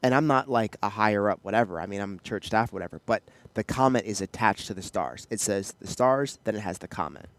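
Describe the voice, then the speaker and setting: A man's voice: fairly low pitch, brisk, few pauses, fairly bright tone, no room sound. A man co-hosting a podcast, chatting casually and chiming in with agreement. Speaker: podcast co-host, church staff. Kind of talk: casual chat.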